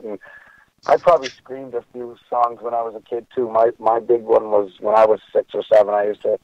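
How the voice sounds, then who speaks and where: A man chatting casually as a guest musician, animated and storytelling. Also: lowish voice, no echo. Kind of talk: casual chat. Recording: dull lo-fi audio.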